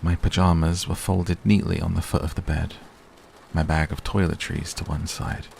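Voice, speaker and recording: Deep, soft-spoken man reading a sleep story. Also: flat delivery, vocal fry, a little hiss or hum. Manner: soft, soothing, unhurried. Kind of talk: whispered role-play sleep story reading. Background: faint rain ambience.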